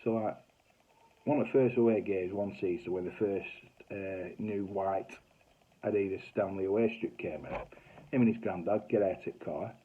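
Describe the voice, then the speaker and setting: A middle-aged Northern English sitcom writer tells casual, amusing anecdotes at a moderate pace in a low-pitched, slightly rough voice. He's broad and chatty, swears a little, and mimics voices. The sound is tinny, as if over a phone.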